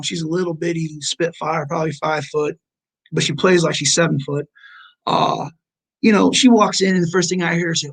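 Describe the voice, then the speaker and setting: A man in his forties, a basketball coach, telling an earnest story over a remote call with halting restarts. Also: sits high, gravelly, poor audio. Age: 40s. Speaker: junior college basketball head coach.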